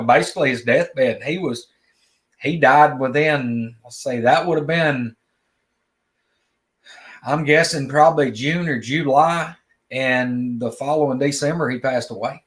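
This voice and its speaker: A man's voice: mid-range voice, fairly bright tone. A man, telling a long personal story in plain, drawling talk, often repeating words as he goes. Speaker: guest storyteller. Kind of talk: casual spoken storytelling.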